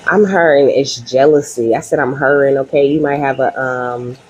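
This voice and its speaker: A woman's voice: rumbling low, moderate pace, husky, poor audio. A woman giving a casual spiritual tarot reading to her viewers, chatty and reassuring, often tagging her lines with "okay?" and "you know?". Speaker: tarot reader.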